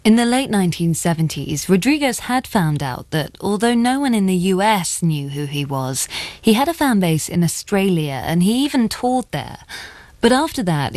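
A woman with a lowish voice narrates in a measured, scripted way and asks clear interview questions. Her voice is recorded dry and close. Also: a little mellow, dry recording. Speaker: host and narrator.

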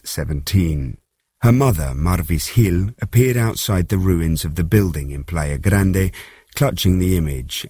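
A male reporter with a low, husky voice reads his field report as a measured, scripted narration. The sound is dry and close, with no room around it. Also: a little mellow, no echo. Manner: measured, storytelling delivery.

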